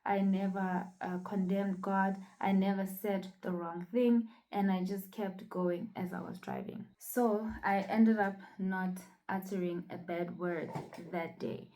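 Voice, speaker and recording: A woman's voice: mid-range voice, fairly even intonation, takes it slowly, dark tone, low-quality recording. Earnest young woman telling her testimony. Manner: earnest, reflective, many fillers. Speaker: vlogger sharing a personal testimony. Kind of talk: casual personal storytelling.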